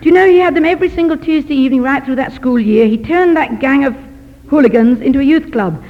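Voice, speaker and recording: A woman with a high voice tells a sermon story, lively and gently self-mocking. The recording is dull and muffled, and a long hall reverb trails behind her words. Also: fast talker. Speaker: missionary doctor and speaker.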